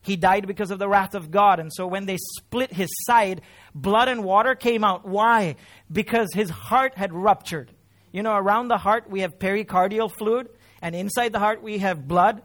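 A man preaching a sermon in church, emotional, building up loud on key phrases and then dropping low and quiet. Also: normal speed. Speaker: pastor.

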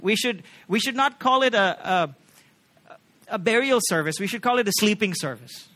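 A man preaching in a church with a high, bright, forceful voice. He keeps asking the congregation questions in an earnest tone. His delivery drops to hushed, gentle passages, then rises to loud, emphatic peaks. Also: animated, normal speed. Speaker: pastor. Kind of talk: sermon.

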